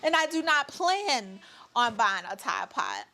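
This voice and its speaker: A woman's voice: on the high side, very animated, a little slow, sharp tone. A woman, chatting animatedly to her viewers as a mother vlogger. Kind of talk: casual storytelling to camera.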